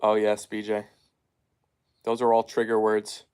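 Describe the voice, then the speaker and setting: A man casually chatting on a live stream at home, reading viewer comments aloud and softly hushing his dogs. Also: lowish voice, completely flat delivery, a little slow, smooth. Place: at home, down in the basement.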